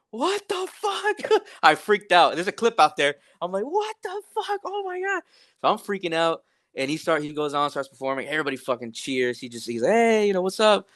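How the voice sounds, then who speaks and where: A young man tells a backstage story in a loose, casual way, full of "uh," "whatever," and cursing. His voice sits at an ordinary pitch and is recorded dry and close, with no room sound. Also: no room sound. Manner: laid-back, profane, many fillers, animated retelling. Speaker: podcast guest, rapper.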